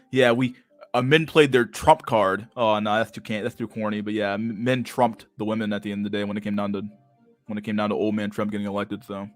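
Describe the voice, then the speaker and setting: A man's voice: on the low side, little pitch movement, moderate pace, long pauses, soft background music. A young man hosting a livestream and reading chat, talking in a crude, slangy, casual way and laughing often.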